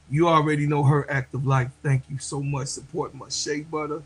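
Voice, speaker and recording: A man hosting a livestream, speaking to his viewers slowly and from the heart, often repeating himself and getting emotional. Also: on the high side, level tone, a bit bright, breathy edge, low-quality recording. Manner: slow, heartfelt, repeats phrases. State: emotional, near tears. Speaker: livestream host.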